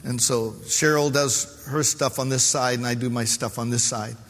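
A man's voice: medium pitch, steady tone, moderate pace, a bit bright. A man, a pastor, preaching a heartfelt sermon with calls to the congregation. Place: church hall. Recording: live sermon with long hall reverb.

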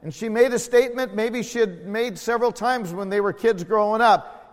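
A man preaching a sermon as pastor, telling the story in a folksy way with small jokes and building to loud, emphatic calls. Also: high-pitched, normal speed, hardly any pauses, long reverb tail.

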